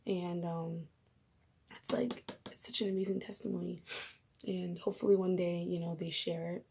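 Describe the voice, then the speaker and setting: A woman's voice: fairly low pitch, fairly even intonation, normal speed, creaky, background noise. A young woman vlogging casually about her faith, emotional and gushing, often dropping into whispers.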